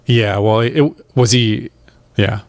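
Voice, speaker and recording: A man's voice: fairly low pitch, dry recording. A man on a podcast, arguing his points bluntly in casual chat, with plenty of swearing. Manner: argumentative, quick and blunt with profanity. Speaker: podcast co-host.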